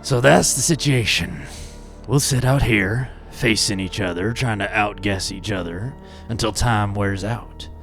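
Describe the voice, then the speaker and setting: Man as a grave starship captain, low gravelly voice, deliberate, radio drama. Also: fairly bright tone, faint music behind. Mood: stern. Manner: deliberate, commanding.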